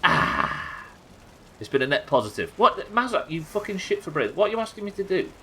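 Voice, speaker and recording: Animated sweary streamer man. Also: on the high side, fairly quick, a little hiss or hum. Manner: sweary, exasperated banter with chat. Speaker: streamer host. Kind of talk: live game stream commentary.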